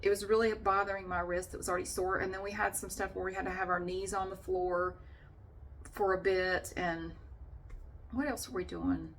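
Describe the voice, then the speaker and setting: A woman's voice: mid-range voice, flat delivery, normal speed, a little hiss or hum. A middle-aged woman vlogging in a casual, chatty way with frequent fillers. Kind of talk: casual chat to camera.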